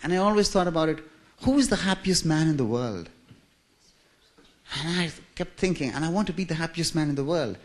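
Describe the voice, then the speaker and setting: A man's voice: fairly high pitch, animated, fairly quick. Man, storytelling talk, self-mocking, chuckles, church talk. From India. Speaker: speaker telling his life story.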